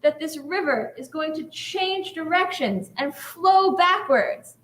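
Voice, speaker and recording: A woman voicing a stubborn male ancient rabbi who makes slow, emphatic, defiant declarations. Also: very high-pitched, lively intonation, fairly bright tone, roomy sound, voice pushed up, exaggerated voice.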